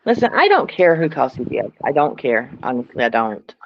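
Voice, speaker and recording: A woman's voice: extremely low pitch, very animated, fairly quick, dull audio. A woman speaking as a guest on a casual live stream, blunt and defiant.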